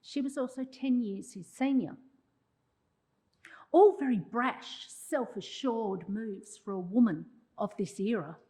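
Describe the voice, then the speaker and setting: Her fairly high voice is slow, dark and breathy, and the audio is poor. The speaker is a female journalism historian giving a prepared public lecture, an oration with wry asides for the audience.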